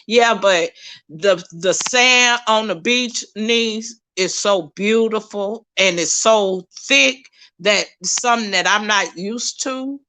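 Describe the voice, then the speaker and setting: A middle-aged woman, chatting with viewers on a livestream in a folksy, animated way. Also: a little high, slow. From Texas, USA. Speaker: livestream host. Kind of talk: casual chat with viewers.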